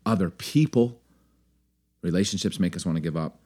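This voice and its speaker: A man's voice: deep voice, moderate pace, darkish tone, husky. A man co-hosting a podcast in playful casual chat, laughing often and talking in a chatty way. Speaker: podcast co-host.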